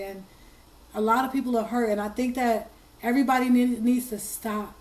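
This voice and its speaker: A woman hosting an online commentary, speaking earnestly while hoarse and fighting back tears, often repeating her words. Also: fairly high pitch, steady tone, normal speed, darkish tone, poor audio. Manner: earnest, choked up, repeats herself. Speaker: commentary channel host. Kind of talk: emotional commentary.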